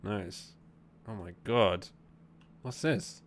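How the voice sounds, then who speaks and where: A man's voice: lowish voice, very slow, very noisy. A man giving jumpy horror gameplay commentary, reading the game's text aloud and reacting with laughs and swearing. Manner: reads on-screen game text aloud. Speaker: gaming YouTuber. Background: game music.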